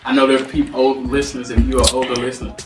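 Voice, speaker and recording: A man's voice: medium pitch, level tone, rapid-fire. A man co-hosting a podcast, chatting casually and telling stories, acting out the voices of the people he quotes. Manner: storytelling, acts out quoted voices. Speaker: podcast co-host. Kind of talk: casual chat. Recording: roomy, distant mic, faint music.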